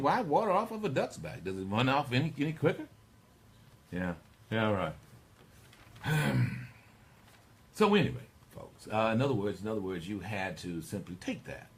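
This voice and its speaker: A middle-aged man hosting a talk radio show, rambling and digressing as he speaks to his listeners. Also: mid-range voice. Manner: rambling, digressive, animated storyteller.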